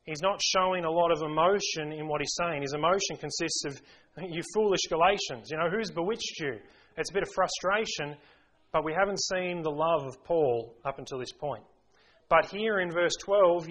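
A man preaching a sermon, earnest and pleading, slowing down to stress key lines of scripture. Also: on the high side, a bit bright. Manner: earnest, pleading, slows down for emphasis.

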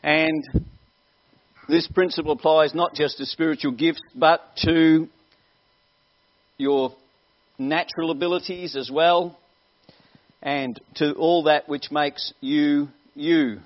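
Animated high-voiced male preacher, lo-fi. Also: slow pace, long pauses. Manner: animated, joking, teasing the audience. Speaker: evangelist preacher. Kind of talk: lively storytelling sermon. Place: church hall before a congregation. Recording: dull lo-fi live sermon recording.

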